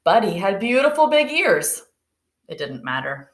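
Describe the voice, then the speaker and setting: Lively woman reading aloud to kids. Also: mid-range voice, unhurried, roomy sound. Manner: lively, questioning, speaks to children. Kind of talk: read-aloud storytime.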